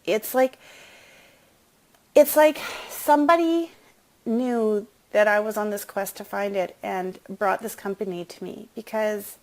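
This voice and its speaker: A middle-aged woman shares a personal story in a confiding, emotional way, then pitches wellness products in an upbeat, chatty tone. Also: a little slow, a little mellow.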